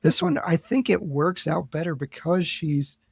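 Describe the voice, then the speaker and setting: Man, podcast guest, gravelly, fairly high voice, relaxed and reflective, dry sound. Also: moderate pace, dry recording. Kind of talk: casual film review chat.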